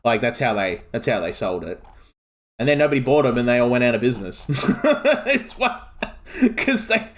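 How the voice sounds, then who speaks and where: An Australian man streaming a game and chatting casually, rambling excitably with lots of filler words. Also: medium pitch, moderate pace. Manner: rambling, excitable, heavy use of "like". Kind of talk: casual chat while streaming.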